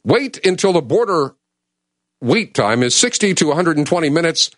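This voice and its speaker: Man, talk radio host, impassioned, urgent, lively pitch, dry studio mic. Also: normal speed, no echo. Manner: impassioned, urgent, swings from loud to hushed. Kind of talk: emotional talk radio monologue.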